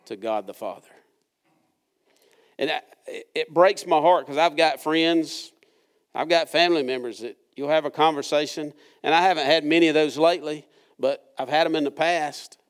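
A man preaching a sermon in a church service, reading scripture and asking the congregation earnest, conversational questions. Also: on the high side. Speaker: pastor.

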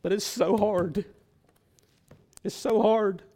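A male pastor preaching a sermon, swelling to loud bursts and then dropping to a hush. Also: high-pitched, fairly even intonation, takes it slowly.

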